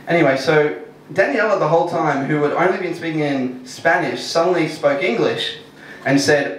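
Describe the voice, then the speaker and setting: A man's voice: fairly high pitch, moderate pace, a little hiss or hum. A man telling a funny personal story live on stage, casual and self-mocking, laughing through his lines. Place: live storytelling venue with audience. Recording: echoey hall, mic far off.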